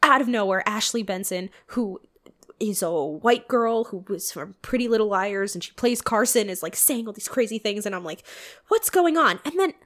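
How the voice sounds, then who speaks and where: A young woman hosting a casual movie commentary, animated, incredulous and freely swearing. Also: medium pitch, normal speed. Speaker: podcast host.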